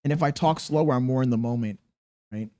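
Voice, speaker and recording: A man's voice: mid-range voice, mellow. A young man with a sore throat, live streaming and reading his chat aloud, laid-back and chuckling as he answers. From Chicago, USA. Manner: laid-back, chuckling, drifts between slow and quick talk.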